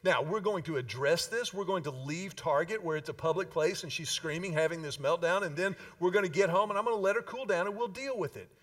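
Preacher, male, high voice, emphatic with dramatic pauses, heard from a distance in the room. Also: a bit bright. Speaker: pastor. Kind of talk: sermon.

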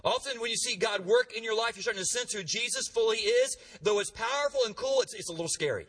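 A man preaching a sermon in a church, energetic and calling on the congregation to respond, heard from a distant mic. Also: extremely high pitch, quick pace, gravelly. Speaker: pastor.

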